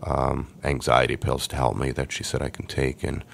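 Very deep, gravelly man telling his story. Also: level tone, normal speed, a bit bright. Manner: earnest, emotional storytelling. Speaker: podcast guest. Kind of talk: personal recovery story.

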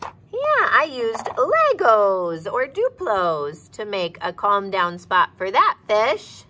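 Sing-song woman teaching small children. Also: mid-range voice. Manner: slow, sing-song and expressive, asking children questions. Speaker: preschool teacher. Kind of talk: virtual circle time lesson for young children. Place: office.

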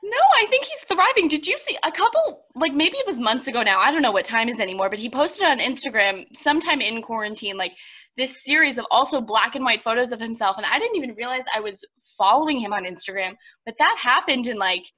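A woman's voice: on the high side, big pitch swings, quick pace, pushed and bright. A young woman in her twenties co-hosting a casual podcast chat over a video call, talking chattily and giggling, with lots of "like". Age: 20s. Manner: chatty, giggly, uses 'like' often. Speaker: podcast co-host.

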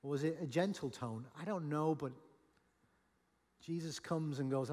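A man preaches with a somewhat high voice, animated and dramatic, now and then breaking into a shout. His words ring through the long reverb of a large church auditorium. He acts out the dialogue of the stories he tells. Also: moderate pace, long pauses. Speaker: pastor. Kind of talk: sermon.

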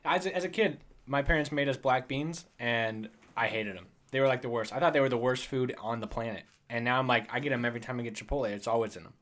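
A man's voice: medium pitch, fast, hardly any pauses, fairly bright tone. Casting: male podcast co-host, mid-range voice, rambling chatty delivery. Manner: rambling, chatty, wanders off on tangents. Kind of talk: casual chat.

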